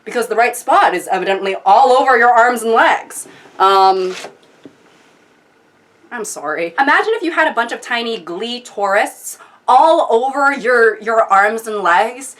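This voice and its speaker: A woman's voice: a little high, a little slow. Sarcastic young woman ranting. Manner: sarcastic, animated, exasperated. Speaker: video host. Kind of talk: comedic commentary.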